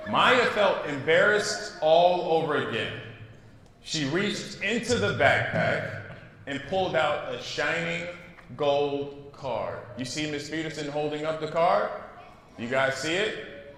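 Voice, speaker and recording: A man's voice: fairly high pitch, animated, slow, fairly bright tone, slight background noise. A man reading a storybook aloud to children in a school classroom, playful and chatty, asking the kids questions. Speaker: news presenter reading to children. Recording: echoey room with long reverb.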